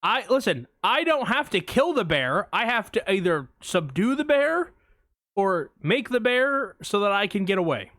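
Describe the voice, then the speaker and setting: A man co-hosting a casual movie podcast, telling stories in an animated, boastful way. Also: high-pitched, normal speed, dry recording, studio quality. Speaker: podcast co-host.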